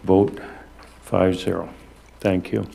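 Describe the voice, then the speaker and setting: A man chairing a city council meeting as acting mayor, talking in a halting, relaxed way with many fillers. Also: sits low, vocal fry.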